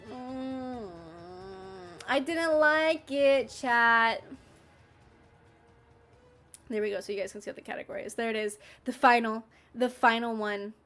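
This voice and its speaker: Her voice running fairly high, a woman livestreams and banters with her audience. She's lively and teasing, firing back at chat with pretend indignation and fast laughs.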